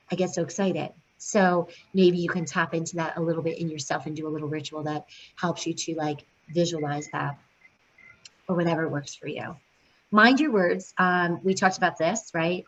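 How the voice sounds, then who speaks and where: A woman leading a prenatal yoga teacher training, talking in a chatty way with many fillers. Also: on the low side. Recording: dull lo-fi sound with faint noise.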